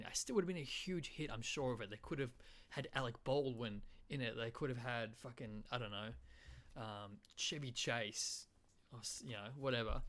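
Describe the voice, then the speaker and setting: Rambling, profane Australian podcast host. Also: male voice, medium pitch, a bit bright. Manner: rambling, profane, lots of fillers. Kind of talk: rambling comedic monologue.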